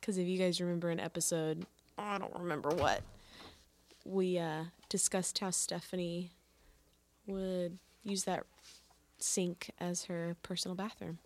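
A woman's voice: lowish voice, little pitch movement, a little slow. A woman co-hosting a podcast, joking and chatting casually with a friend. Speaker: podcast co-host. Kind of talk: casual chat. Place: on a porch.

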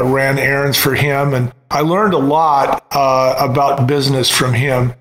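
A man, a guest on an interview show, telling his work story at an unhurried, steady pace with frequent pauses. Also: a little high. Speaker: wine company co-founder, guest. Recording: roomy echo on the voice.

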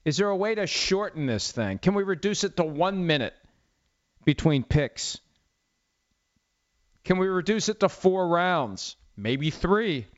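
Pitched high and very animated, this man speaks a little slowly and leaves long pauses. He's a middle-aged host of a football talk show, delivering a casual sports monologue full of rambling, wry, sarcastic anecdotes. Slightly dull lo-fi sound.

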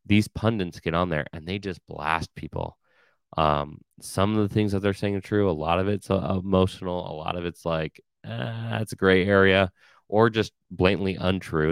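A man's voice: extremely low pitch, clean tone, no echo. A man hosting a podcast, talking through a loose, conversational monologue full of fillers and blunt asides. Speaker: podcast host.

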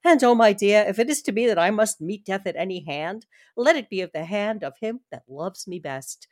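A woman's voice: medium pitch, animated, normal speed, darkish tone, no room sound, studio quality, close to an everyday voice. A woman reading the part of a devoted, earnest young wife with heartfelt drama. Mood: tender.

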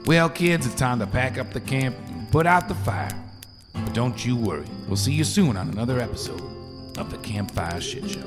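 A man's voice: medium pitch, sing-song, moderate pace, lightly acted. A man voicing a friendly adult camp director who reads a scripted outro in a folksy bedtime way. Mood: cheery. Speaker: show announcer. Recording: long reverb over clear music.

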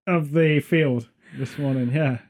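Measured in pace and steady in tone, this man's voice sits on the high side with a darkish quality. He's a podcast host from Britain, keeping the chat casual, jokey and rambling as he drifts into tangents.

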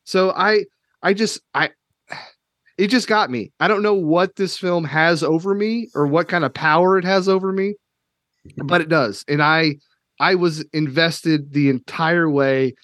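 A man's voice: on the high side, unhurried, no echo, clean studio sound. Emotional man from Kentucky gushing. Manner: animated, emotional, swears casually. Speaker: podcast host. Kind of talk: casual podcast chat.

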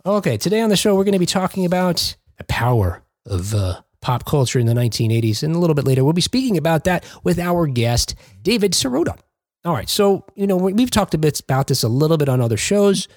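A man's voice: a little high, sing-song, quick pace, a little mellow, dry recording, studio quality. A man in his forties hosting a podcast, chatting casually and joking with his co-hosts, with laughter breaking in often. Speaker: podcast host. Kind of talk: casual chat.

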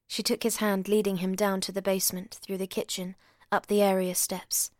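A woman's voice: mid-range voice, level tone, moderate pace, few pauses, no room sound. Woman reading a novel, dry close sound. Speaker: audiobook reader.

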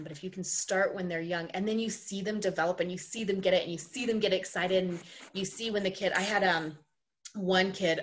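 A woman who works as an ice skating coach, talking as a guest on a podcast in an animated, emphatic storytelling way. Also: fairly low pitch. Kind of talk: casual interview conversation.

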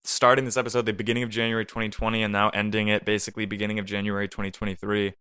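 A man co-hosting a podcast, talking earnestly and reflectively in loose conversation. His voice is bright and crisp, recorded dry and close. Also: fairly low pitch, level tone, rapid-fire, no room sound. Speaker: podcast co-host. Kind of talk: casual chat.

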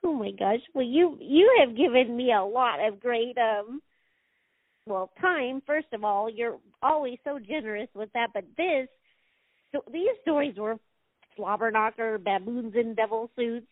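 High-voiced woman host, exclamatory. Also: expressive, a little slow, dry recording. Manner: exclamatory and reactive. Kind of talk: interview host reactions. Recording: phone-like, dry line.

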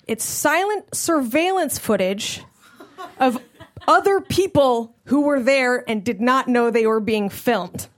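A woman tells a funny personal story with a high, bright voice. She is animated throughout and slips into the voices of the people she quotes. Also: slow pace.

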